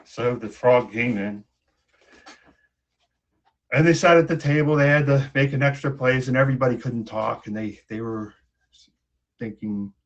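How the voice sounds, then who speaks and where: A man telling a fairy tale in a casual, halting way, often repeating words, on a dull lo-fi recording. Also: mid-range voice. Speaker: storyteller.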